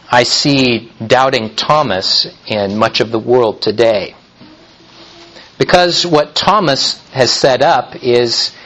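A man preaching a sermon in an emphatic, deliberate way, often restarting his phrases. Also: mid-range voice, fairly bright tone, poor audio.

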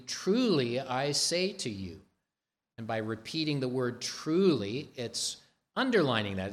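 A man preaching a sermon, slow and deliberate, stressing repeated words for emphasis. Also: medium pitch, fairly bright tone. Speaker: pastor.

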